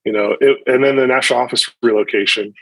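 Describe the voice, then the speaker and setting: A man's voice: mid-range voice, fairly even intonation, fast, gravelly, fairly bright tone, no room sound, rough recording. A man in his thirties, a pastor, talking reflectively in a podcast interview, often restarting his sentences. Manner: reflective, with frequent restarts and fillers.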